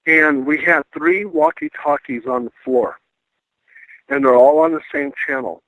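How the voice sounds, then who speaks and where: A middle-aged man, a paranormal investigator, telling a ghost story in a casual, animated way and acting out the voices he quotes. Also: fairly high pitch, measured pace, gravelly, dry recording. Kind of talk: casual storytelling on a radio call-in. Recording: dry tinny phone line.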